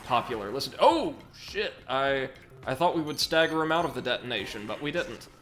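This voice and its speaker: A man's voice: fairly high pitch, moderate pace, faint music behind. Chatty man narrating his gameplay. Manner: chatty, self-correcting, excitable. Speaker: let's play host. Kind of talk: casual gameplay commentary with chat reading.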